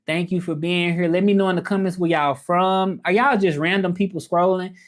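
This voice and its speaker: A man's voice: high-pitched, fairly even intonation, brisk. A man with a Southern US accent chatting casually on a livestream, reading viewer comments and talking straight to the audience. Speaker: livestreamer and language teacher.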